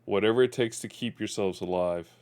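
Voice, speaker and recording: A sneering gangster from a crime video game, read aloud by a man in a low voice. He taunts and threatens a shopkeeper with slow, mocking menace. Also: a little mellow, smooth, natural voice. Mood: taunting. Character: menacing male gangster extorting a chef.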